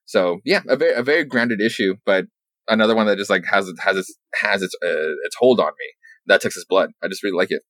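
Low-voiced man rambling about comics. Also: quick pace, fairly bright tone, no room sound. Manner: rambling, heavy use of "like" fillers. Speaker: comic book podcast co-host. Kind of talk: casual chat.

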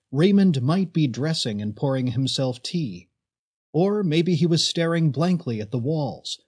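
A man reads a story aloud at a slow, deliberate pace. His pitch moves widely and expressively, sitting a little high for a man. The voice has a husky edge. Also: a little mellow. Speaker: narrator. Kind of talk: audiobook narration.

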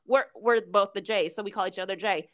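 A woman co-hosting a casual podcast chat speaks fairly quickly at a medium pitch. She curses plenty and brings her friends' remarks to life by acting them out.

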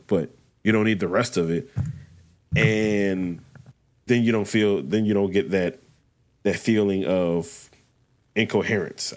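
A man co-hosting a podcast with a fairly low voice, chatting casually. He talks haltingly, working his thoughts out as he goes and often restarting sentences. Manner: halting, thinks aloud with many restarts. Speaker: podcast co-host. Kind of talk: casual chat.

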